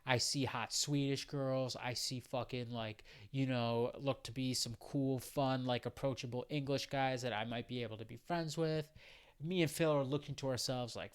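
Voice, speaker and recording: A man's voice: mid-range voice, steady tone, moderate pace, clear, resonant tone. A young man casually telling a travel story, swearing freely and rambling with lots of fillers. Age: young adult. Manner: profane, rambling, frequent fillers. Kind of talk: casual anecdote.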